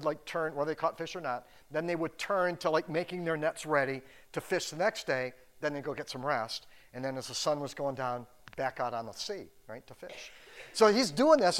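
A middle-aged man preaching a sermon in a loose, conversational way, full of restarts and joking asides. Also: on the high side. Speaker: pastor.

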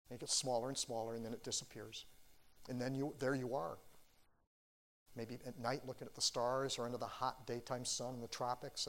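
A man preaching a sermon as a pastor, earnest, swinging from loud urging to hushed quiet. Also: mid-range voice.

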